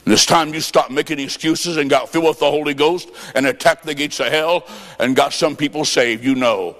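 A male evangelist with a fairly high voice, preaching with fervent, emphatic force. The sound carries the long reverb of a big echoey hall during a revival service. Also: animated, moderate pace, fairly bright tone. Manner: fervent, emphatic, calling out to the crowd. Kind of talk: revival sermon.

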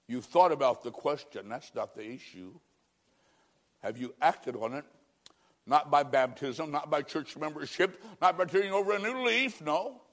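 A man preaching an evangelistic sermon, telling his own story and pleading with listeners, swinging from emphatic to hushed. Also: a little high. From American Midwest. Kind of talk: sermon with personal testimony.

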